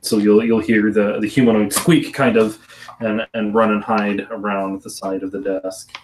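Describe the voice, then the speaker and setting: A man's voice: fairly low pitch, level tone, normal speed, recorded from a distance, slight background noise. A man narrating a tabletop game as game master, hesitant and full of restarts, recording from a room at home. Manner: hesitant, many fillers and restarts.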